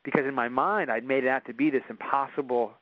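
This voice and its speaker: A man's voice: mid-range voice, fairly even intonation, quick pace, dry recording. Earnest man telling a personal story. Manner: earnest, with many restarts. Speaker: guest. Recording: dull dry recording.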